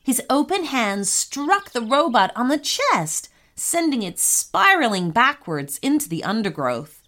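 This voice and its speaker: A woman narrating a children's story in an animated storytelling manner. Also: a little high, measured pace.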